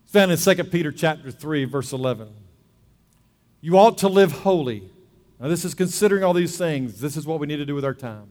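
A man preaching a sermon as a pastor, alternating between loud emphasis and soft, hushed prayerful passages. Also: fairly high pitch, fairly quick, big-room sound. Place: church sanctuary.

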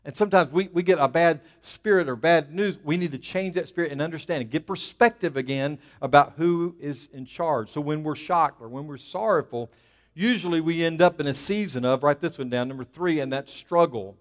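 A man's voice: fairly high pitch, a little fast. A man preaching a sermon, emphatic and plainspoken, dropping asides to the congregation. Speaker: pastor.

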